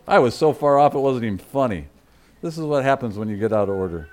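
A man's voice: mid-range voice, expressive, fast talker. A man preaching a sermon, building emphatic repeated lists and dropping into muttered asides to the congregation. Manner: emphatic and repetitive, swinging between loud preaching and muttered asides. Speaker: pastor.

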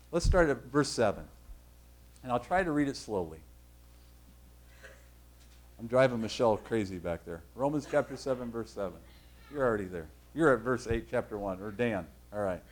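A man's voice: mid-range voice, expressive, normal speed, long pauses, low-quality recording. A man preaching a sermon in a conversational, rambling way, often correcting himself mid-sentence. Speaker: pastor.

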